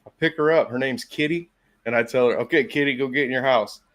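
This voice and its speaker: A man in casual podcast chat who tells animated stories, swears freely and mimics his dog in a high voice. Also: fast. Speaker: podcast co-host.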